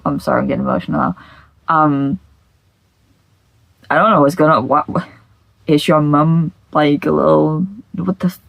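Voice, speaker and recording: Woman reading reddit posts out loud, heavy vocal fry, blunt and sweary, dry close sound. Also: low-pitched, no echo, poor audio. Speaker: reddit story reader. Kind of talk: reading posts aloud with reactions.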